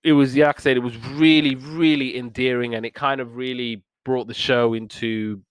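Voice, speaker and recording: A man's voice: medium pitch, fairly even intonation, normal speed, smooth, no room sound. Earnest man recapping a cartoon. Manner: earnest plot retelling, acting out characters' lines. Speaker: podcast host reviewing old cartoons. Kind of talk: casual chat.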